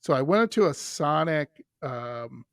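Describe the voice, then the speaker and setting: A man's voice: on the high side, measured pace, vocal fry, smooth, dry recording, studio quality. A man, a podcast guest telling stories in casual chat and acting out the people he quotes. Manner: animated storyteller who acts out quoted voices.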